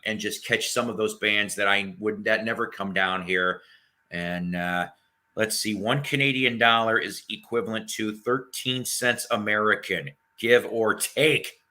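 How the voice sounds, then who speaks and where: Bright-voiced man rambling about records. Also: fairly low pitch. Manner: rambling, enthusiastic, swears casually. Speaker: host. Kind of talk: casual chat about records.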